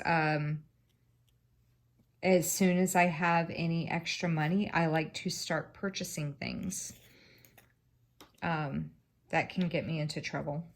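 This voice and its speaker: A woman's voice: lowish voice, a bit bright. A woman, chatting casually to a camera on a stand while she crafts, rambling and swearing freely. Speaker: craft vlogger.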